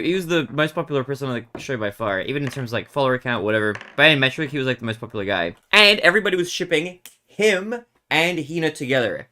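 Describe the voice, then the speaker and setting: A young man, a streamer casually chatting and retelling a reality show in a rambling, animated way with lots of fillers. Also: mid-range voice. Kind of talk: casual chat while gaming.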